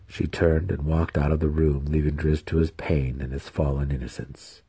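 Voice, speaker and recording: A man narrating a fantasy novel in a steady, unhurried reading. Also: a bass voice, husky. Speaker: audiobook reader.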